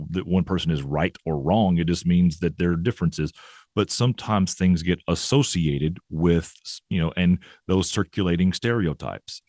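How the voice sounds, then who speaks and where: A man's voice: low-pitched, darkish tone, dry recording, studio quality. A man, a professor guest in an interview, explaining ideas thoughtfully with frequent restarts and "right?" tags. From American South.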